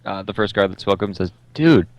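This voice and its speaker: Low, dry-voiced man running a tabletop game. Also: completely flat delivery, no room sound, highs cut off. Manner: halting, with many ums and uhs. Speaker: game master. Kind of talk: narrating a tabletop game on a live stream.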